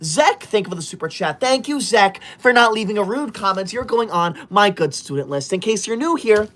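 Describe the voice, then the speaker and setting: A man livestreaming in a strict teacher persona, reading viewer comments out loud in a loud, indignant and bossy way. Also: sits high, lively intonation, moderate pace.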